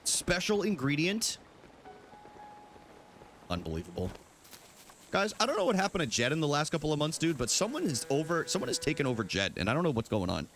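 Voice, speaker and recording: A man's voice: racing, few pauses, faint music behind. A young man streaming a game live, chatting casually and goofily with his viewers. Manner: goofy, banters with chat, animated swings in pitch. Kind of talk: casual live gameplay chat.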